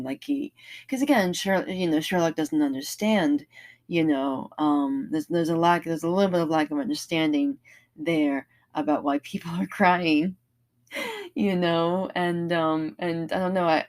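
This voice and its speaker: A woman's voice: lowish voice, darkish tone. A woman vlogging in a casual, rambling monologue, earnest and enthusiastic, often restarting her sentences.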